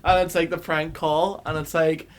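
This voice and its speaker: A man joining a podcast chat, recounting an anecdote in an animated way. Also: on the high side, normal speed. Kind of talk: casual podcast banter.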